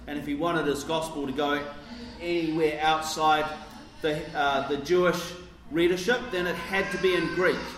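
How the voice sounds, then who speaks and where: A man delivering a sermon in an unhurried, reflective manner, pausing and dropping softly as he explains. His voice sits a little high for a man. The room rings with echo and a faint hum of ambience. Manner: reflective, explanatory, with soft dips and hesitations. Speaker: preacher.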